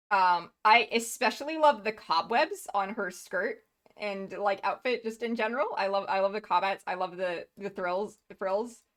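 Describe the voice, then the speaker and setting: Woman streamer just chatting, gushes over stuff, stumbles and restarts a lot, laughs easy. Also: medium pitch. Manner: gushing, rambling, quick to laugh, frequent restarts. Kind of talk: casual live-stream chat.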